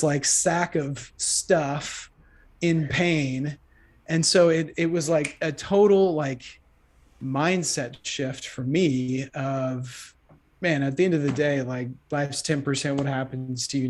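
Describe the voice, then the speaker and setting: A young man tells a story on a podcast at a middle pitch. He speaks in an animated, rambling way, dropping "like" into nearly every phrase. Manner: animated, lots of "like". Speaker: podcast guest. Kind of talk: casual storytelling.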